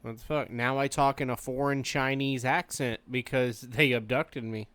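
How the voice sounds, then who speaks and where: A man's voice: mid-range voice, fairly even intonation, moderate pace, fairly bright tone, smooth, dry recording. A man co-hosting a podcast in casual chat, joking and swearing as he trails off and restarts. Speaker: podcast co-host.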